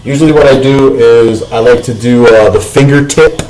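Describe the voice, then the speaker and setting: A man's voice: medium pitch, moderate pace, warm tone, a little hiss or hum, low-quality recording. A man hosting a casual cooking vlog from his home kitchen, rambling and swearing freely as he talks. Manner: profane, rambling, keeps asking "you know what I'm saying".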